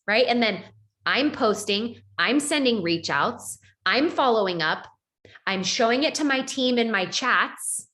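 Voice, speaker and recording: A woman with a fairly high voice leads an upbeat coaching session for her team. She talks with a lively, conversational bounce, acting out other people's voices and checking in with "right?" as she goes. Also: a little slow. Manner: animated, acts out quoted voices, frequent "like" and "right?". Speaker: network marketing team leader. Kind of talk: motivational coaching talk on a call.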